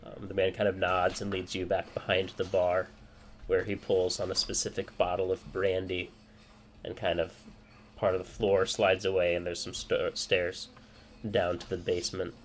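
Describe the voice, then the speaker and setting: A man's voice: low-pitched, monotone, normal speed, a little hiss or hum. A man narrating a tabletop game as game master, loose and hesitant with many fillers.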